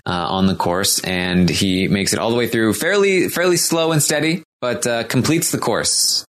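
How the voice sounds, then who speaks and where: A man co-hosting a casual podcast chat, rambling with frequent ums and restarts and slowing down to announce each competitor. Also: on the low side, fairly bright tone. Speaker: podcast co-host recapping episodes.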